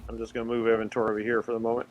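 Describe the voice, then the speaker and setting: A man's voice: lowish voice, monotone, racing, lo-fi sound, a little hiss or hum. A man playing a tabletop game, joking with the table and laughing easily. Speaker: player.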